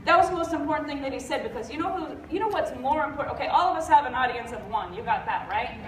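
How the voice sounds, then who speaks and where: Stuffy-nosed woman preaching biz motivation, high voice, echoey hall, mic kinda far off. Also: lively intonation, quick pace, crowd noise. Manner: blunt, fired-up, jokey. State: stuffy, congested. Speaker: convention speaker. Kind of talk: motivational stage talk. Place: large convention hall. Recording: roomy hall audio from far off.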